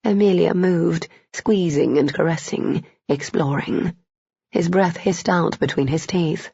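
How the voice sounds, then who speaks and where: A woman reading a romance novel aloud as an audiobook narrator, steady and even. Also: lowish voice, measured pace, gravelly, slightly rough, dry recording. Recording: dull, dry, lo-fi.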